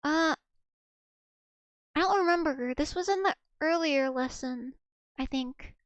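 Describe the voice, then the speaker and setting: A woman's voice: sits high, a little slow, dry recording. A young woman streaming casually, chatty and self-mocking, filling her talk with "like" as she sounds out foreign words. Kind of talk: casual livestream chat, practicing Russian words aloud.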